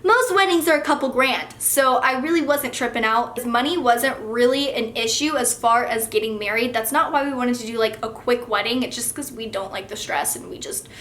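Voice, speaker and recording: A young woman with a high voice tells a casual, chatty story, animated and freely swearing. The room around her is noticeably echoey. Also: moderate pace, hardly any pauses. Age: young adult. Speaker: vlogger, young mother.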